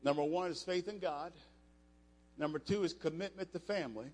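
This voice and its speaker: An older man preaching a sermon, emphatic and rising to loud passages, with frequent restarts. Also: on the high side, fairly quick. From United States. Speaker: preacher, former football player. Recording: echoey hall.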